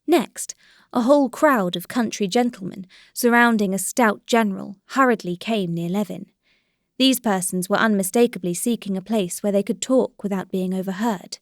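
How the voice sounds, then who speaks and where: A woman narrating a classic novel as an audiobook in a steady, even storytelling voice. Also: medium pitch, moderate pace, dry recording, studio quality. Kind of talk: scripted narration.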